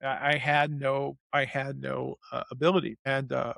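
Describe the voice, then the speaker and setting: Man, interview guest, gravelly, animated storyteller, dry close mic. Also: mid-range voice, no echo. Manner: animated storyteller, speeds up and slows down. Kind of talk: personal storytelling in conversation.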